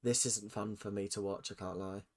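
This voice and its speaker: A man doing casual reaction commentary, excitable and quick to swear as he talks back at the screen. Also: fairly low pitch. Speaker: reaction channel host.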